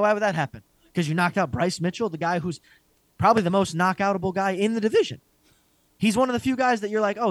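This podcast co-host has a high voice, recorded with no room sound. His casual chat is full of rants, jokes and heavy swearing, and his manner stays profane, playful and excitable.

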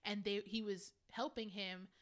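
A woman co-hosting a casual chat, telling an animated story and swearing freely. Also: mid-range voice, a little slow. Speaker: podcast co-host.

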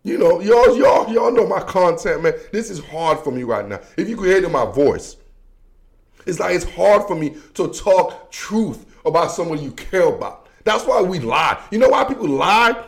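With a high voice at normal speed, the host of an informal football show jokes around in animated slang, veering from yelling to muttering under his breath.

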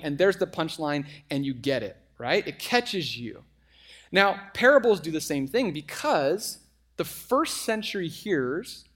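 A middle-aged man preaching a sermon, conversational and animated, with frequent asides to the congregation. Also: fairly high pitch. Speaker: pastor.

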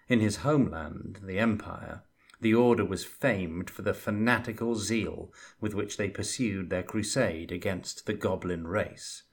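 Male audiobook narrator; low, husky, very slow, measured. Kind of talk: reading a fantasy novel aloud, voicing its characters.

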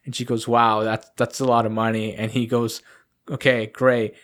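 Man, podcast co-host, casual storytelling, acts out quoted voices, laughs a lot, mid-pitched voice. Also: flat delivery, moderate pace, a bit bright. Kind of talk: casual chat.

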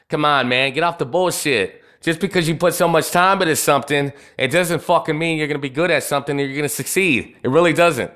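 A man's voice: on the high side, quick pace, hardly any pauses, a bit bright. A man hosting a live podcast, telling stories in a swaggering, profane rant full of asides to his listeners. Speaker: podcast host.

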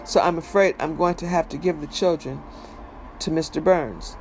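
A man's voice: a little high, moderate pace, faint music behind, lightly acted. A man reading a memoir aloud and voicing a nervous judge who delivers a custody ruling in formal legal terms. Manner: formal, apologetic.

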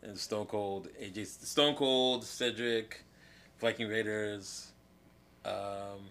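A man's voice: on the low side, steady tone, slow, fairly bright tone. A man co-hosting a casual chat, laid-back and agreeable. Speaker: podcast co-host.

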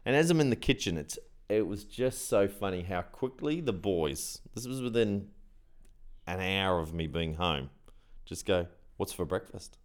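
A man's voice: deep voice, animated, measured pace. A middle-aged man with an Australian accent, telling a story on a podcast with laughs and acted-out quotes. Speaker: podcast co-host. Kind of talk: casual chat.

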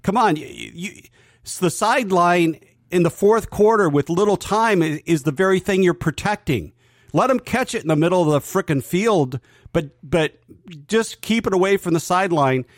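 Father co-host, male, slightly high voice, dry close sound, calm and agreeable. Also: no echo. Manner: measured, agreeable, hesitant restarts. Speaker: podcast co-host, father of the other host. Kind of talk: casual sports podcast chat.

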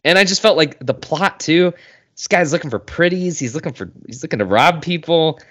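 A man's voice: a little high, expressive, a little fast, a bit bright. A man co-hosting a podcast, chatting casually and animatedly, acting out quotes and swearing freely. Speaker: podcast co-host.

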